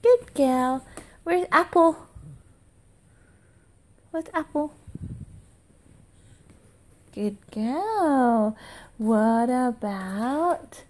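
Slow, sing-song mother quizzing her toddler. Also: high voice, expressive. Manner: slow sing-song questions, praise and animal noises. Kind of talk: quizzing a toddler with flash cards.

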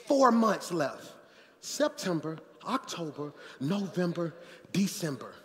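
A man preaching from the pulpit, his voice pitched high for a man. He calls out to the congregation and jokes with them as he preaches. The sound rings out with a long reverb from the church hall. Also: takes it slowly. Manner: animated preaching with crowd call-outs and jokes. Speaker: pastor. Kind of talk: sermon. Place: church sanctuary.

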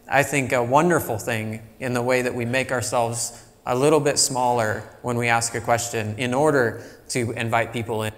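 A man's voice: mid-range voice, fairly bright tone. A middle-aged man giving a guest lecture in a conversational, thinking-aloud way. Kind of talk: public lecture. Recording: long hall reverb.

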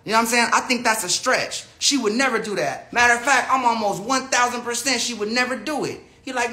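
A man's voice: very high-pitched, a little fast, hardly any pauses, sharp tone. An American man ranting on a casual phone livestream, rambling with lots of slang, profanity and restarts. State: says he is high. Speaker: live streamer. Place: indoor room with a big screen.

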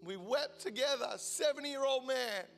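A man in his forties preaches with a high, bright, forceful voice, moving between fervent bursts and near-whispered lines. His voice rings with long reverb in a large hall, and soft instrumental music sits underneath. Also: normal speed, gravelly. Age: 40s. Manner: passionate storytelling, swinging from loud intensity to hushed tones. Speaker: pastor. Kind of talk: sermon.

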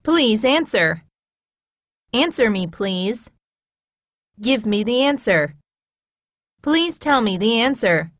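Woman, teacher-style reader of scripted classroom phrases; high, animated, unhurried, close dry studio sound. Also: no room sound. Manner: clear, measured teacher-like delivery. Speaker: narrator reading phrases.

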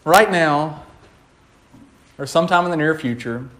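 Man, high voice, church sermon, conversational, laughs often, acts out quotes. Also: measured pace, a bit bright. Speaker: preacher.

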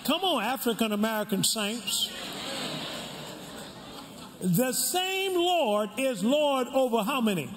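An older man, a pastor, preaching a sermon with call and response and shouting out to the crowd. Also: big pitch swings, slow pace, pauses often. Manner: swings from shouts to low storytelling asides. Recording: reverberant hall, faint room noise.

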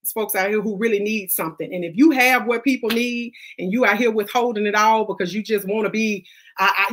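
A woman's voice: mid-range voice, a bit bright. A woman hosting her own online show, speaking in a blunt, impassioned, preachy way about faith and helping others. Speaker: host. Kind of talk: casual faith-based monologue.

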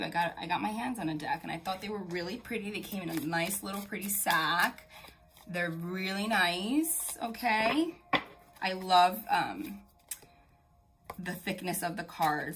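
A woman with a fairly low voice gives a casual tarot reading, chatty and emphatic. She talks straight to the listener and swears casually. Faint music plays behind her. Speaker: tarot reader.

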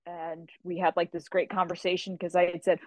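A woman with a lowish voice recounts stories as a guest, animated and casual, slipping into other people's voices as she goes. The sound is dry and close, with no room around her. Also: brisk, dry recording. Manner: animated storyteller who acts out quoted voices. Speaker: guest author. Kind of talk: casual interview storytelling.

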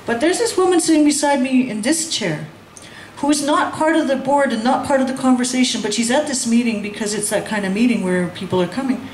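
A woman's voice: on the high side, brisk. A woman telling a personal story at a community session, acting out the voices of the people in it and laughing often. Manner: animated, acts out quoted voices, laughs often. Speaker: guest speaker. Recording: echoey room with faint ambient noise.

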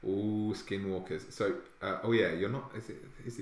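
A man's voice: fairly low pitch, fairly even intonation, normal speed, roomy sound. A man with a posh southern English accent chatting casually while streaming his art, self-mocking and laughing often. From Hampshire, England. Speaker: fantasy artist streaming live. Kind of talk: casual chat while drawing.

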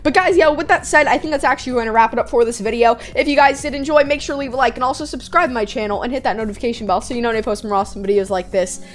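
A young adult woman giving excited, slangy commentary as a gaming YouTuber. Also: a little high, racing, few pauses.

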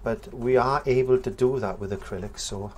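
This male painting teacher has a medium-pitched, darkish, slightly rough voice and speaks at normal speed. While he works, he chats and thinks aloud, dropping in fillers.

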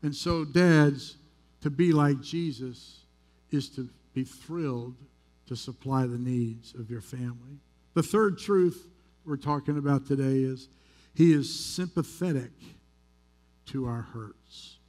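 A pastor from the United States preaching a sermon in a church, telling a story in a candid, conversational, self-deprecating way. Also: male voice, mid-range voice, takes it slowly, a little mellow. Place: church sanctuary.

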